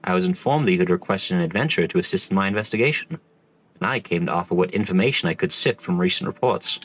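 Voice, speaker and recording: A man's voice: deep voice, a bit bright. A man reading a stiff formal naval commander. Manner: formal, measured, stumbles over names. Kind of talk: reading game dialogue aloud in voices.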